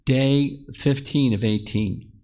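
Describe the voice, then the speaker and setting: A spiritual teacher leads a live scripture class, telling the stories as he goes and putting questions to the group, often restarting or repeating words. His medium-pitched voice is slow and a little mellow.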